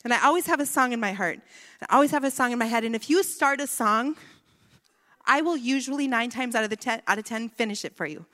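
A woman talks to an audience about her own life, in a lively, chatty way that pokes fun at herself. Her voice sits a bit high. The sound carries the long reverb of a big hall. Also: fast talker. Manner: lively, chatty, self-mocking. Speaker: speaker. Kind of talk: personal talk to an audience.

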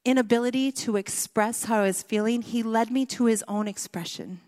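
A woman giving an earnest, emotional testimony in sermon style, letting her voice drop soft on key words. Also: a little high, normal speed, big-room sound.

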